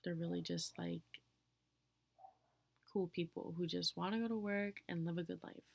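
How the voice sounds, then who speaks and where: Young woman ranting, low gravelly voice. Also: fairly even intonation, normal speed, a little hiss or hum. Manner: profane, blunt and ranting, with bursts of loud indignation; drops into breathy near-whispers on asides. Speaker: solo vlogger answering question prompts. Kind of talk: casual rambling monologue. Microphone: own recorder close by.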